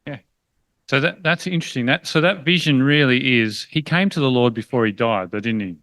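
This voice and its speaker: A man in his forties speaks on a panel in a measured, reflective way, hesitating now and then as he tells a personal story. His voice is smooth and resonant and sits at a middle pitch. It is recorded dry and close. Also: fairly bright tone, no echo.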